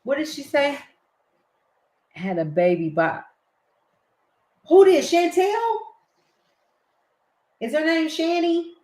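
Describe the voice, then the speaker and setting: An older woman with a Southern US accent, hosting a casual late-night live-stream chat, excitable and quick to laugh. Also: high-pitched, roomy sound, poor audio. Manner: chatty, excitable, laughs easily. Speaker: livestream host.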